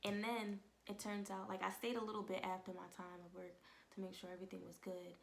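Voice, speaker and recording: A young woman tells a heartfelt testimony at home, her voice gravelly with fry and held to a narrow, flat pitch. She talks casually and keeps slipping into hushed whispers as the emotion rises. A faint hiss of noise runs beneath her. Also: brisk. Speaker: vlogger.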